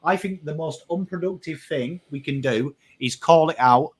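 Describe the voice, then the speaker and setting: Emotive Australian man, slightly high voice. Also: moderate pace, husky. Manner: emotive, emphatic, swears freely; acts out quotes of mates in conversation. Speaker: podcast co-host. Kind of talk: casual podcast chat.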